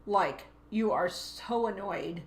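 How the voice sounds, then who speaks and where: Woman, teacher, co-host, casual chat, explanatory, mid pitch, echoey room. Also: expressive, slow pace. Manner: explains at length, acts out voices in quotes. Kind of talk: casual two-person chat.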